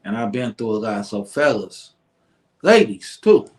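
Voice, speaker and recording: A man's voice: fairly low pitch, very animated, measured pace. A man hosting a casual radio talk show, laughing often and talking in loose slang. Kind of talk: casual chat.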